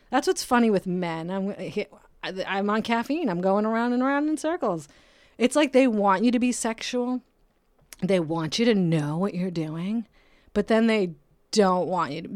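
A woman's voice: fairly low pitch, dry recording. A young woman from Massachusetts hosting a casual monologue podcast, rambling, profane and jokey, laughing often. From Brockton, Massachusetts. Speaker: podcast host. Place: home in California.

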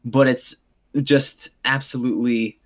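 A man talking about a film on a podcast in a dry, measured way. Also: medium pitch, fairly even intonation. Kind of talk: casual film discussion.

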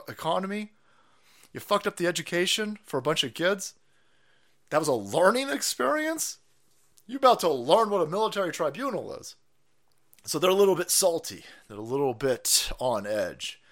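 A man's voice: on the high side, moderate pace. A man hosting a stream, ranting with profane, mocking sarcasm. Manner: foul-mouthed, mocking, sarcastic, animated. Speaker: streamer host.

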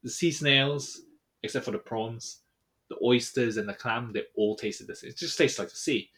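A man's voice: medium pitch, moderate pace. Young dude rambling about his trip on a podcast, lots of ums, trails off. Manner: rambling storyteller, trailing off quietly, many fillers. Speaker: podcast co-host. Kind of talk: casual chat.

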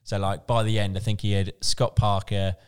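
A man's voice: fairly low pitch, little pitch movement, moderate pace, clean tone. A man co-hosting a podcast, chatting casually and rambling with fillers and restarts. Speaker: podcast co-host. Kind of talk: casual chat.

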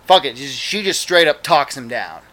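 A man's voice: medium pitch, sing-song, moderate pace, pushed and bright. A man co-hosting a casual chat, adding ideas in a laid-back way. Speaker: podcast co-host.

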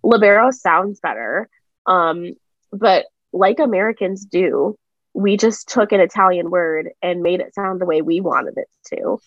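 A woman's voice: fairly low pitch, fairly even intonation, a little slow, no room sound. Young woman co-host, emphatic chatty delivery, dry and slightly muffled recording. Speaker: podcast co-host. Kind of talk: casual chat.

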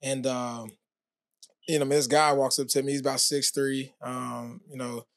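A man, a former pro athlete, telling his story as a podcast guest in a relaxed, casual way with many fillers. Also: mid-range voice, measured pace, dry recording, clean studio sound. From United States. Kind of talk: casual interview talk.

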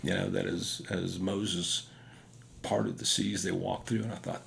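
A middle-aged man with a very low, gravelly voice tells a personal testimony. He talks earnestly and rambles, with plenty of fillers. A faint hiss sits under his voice. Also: lively intonation, a little slow, fairly bright tone. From Kansas. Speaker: motorcycle rider giving testimony.

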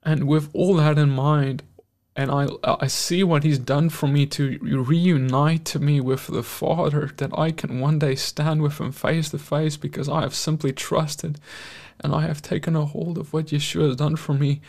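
A male host giving a devotional, sermon-style talk, earnest and emotional, with frequent pauses and restarts. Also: fairly high pitch, level tone, darkish tone. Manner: earnest, emotional, pausing often.

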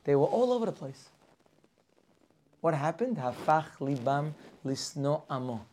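Animated male rabbi, lecture voice, asks questions, acts out characters. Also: a little high, measured pace, slight background noise. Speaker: rabbi teaching a weekly class. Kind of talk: lively Torah class lecture.

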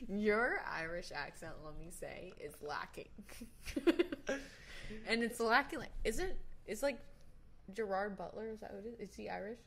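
A woman's voice: mid-range voice, measured pace, creaky, breathy edge. A young woman co-hosting a podcast, blunt and teasing in casual banter. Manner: teasing, blunt, laughs often. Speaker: podcast co-host.

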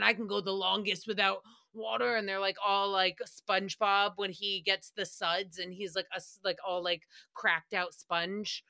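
A woman's voice: on the high side, bright, forceful tone. A young woman hosting a podcast recap, talking in a rambling, profane, exasperated way. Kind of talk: casual solo recap chat.

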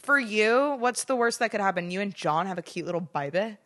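A woman's voice: mid-range voice, animated, a little fast, fairly bright tone. A young woman co-hosting a casual chat, blunt and swearing freely, telling stories with lots of animation. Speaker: podcast co-host.

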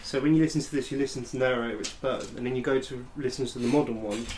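A man's voice: mid-range voice, fairly even intonation, racing, darkish tone, distant mic, slight background noise. A man co-hosting a podcast, chatting with enthusiasm in a casual way. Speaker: podcast co-host. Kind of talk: casual chat.

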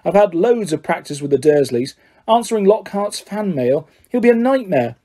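A man's voice: high-pitched, sing-song, moderate pace, warm tone. A man voicing a weary, exasperated schoolboy with a hollow, desperate tone.

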